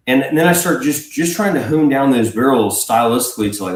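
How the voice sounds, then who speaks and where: A man, a whiskey blender, speaking casually as a livestream guest, relaxed and rambling with fillers and restarts. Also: mid-range voice, fairly quick, few pauses, roomy sound, rough recording. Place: home.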